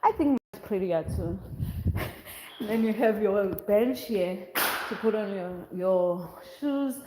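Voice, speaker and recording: A woman's voice: mid-range voice, lively intonation, slow pace, mellow. A middle-aged woman with a South African accent, chatting casually as she walks through a large house. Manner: chatty, exclaiming, rambling asides. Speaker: vlogger. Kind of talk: casual walkthrough vlog. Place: inside a large empty house under construction. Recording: echoey rooms. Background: workers and noise nearby.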